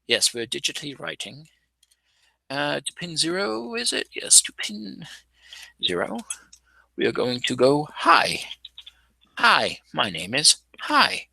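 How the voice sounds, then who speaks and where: A man's voice: mid-range voice, huge pitch swings, a little slow, creaky, pauses often, pushed and bright, breathy edge, dry recording. A man hosting a casual home electronics video, narrating his typing and soldering with playful, showman-like announcer asides. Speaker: maker channel host. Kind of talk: casual live coding and tinkering commentary.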